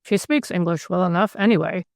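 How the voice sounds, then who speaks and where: A woman's voice: lowish voice, a little fast, no room sound, close to an everyday voice. A woman voicing an older male magistrate who talks in a sly, dry, confidential way.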